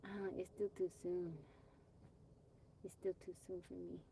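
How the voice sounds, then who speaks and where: A woman's voice: fairly low pitch, little pitch movement, measured pace, creaky, warm tone, slight background noise. A woman from Texas hosting a casual livestream on her phone, chatting with viewers, greeting them by name and brushing off trolls plainly. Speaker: livestream host. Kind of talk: casual live-stream chat. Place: off-grid home.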